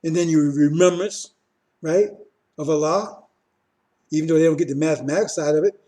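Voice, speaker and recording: A man delivers an informal sermon in short, repeated phrases, restarting often and constantly asking listeners "see?" His voice is fairly high and mellow, fairly quick, with long pauses.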